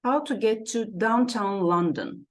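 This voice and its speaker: A woman's voice: medium pitch, a little slow. A woman who is a native Turkish speaker, teaching English vocabulary in a patient classroom manner. She repeats key words and keeps checking in with "okay?" and "right?". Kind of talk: classroom-style explanation.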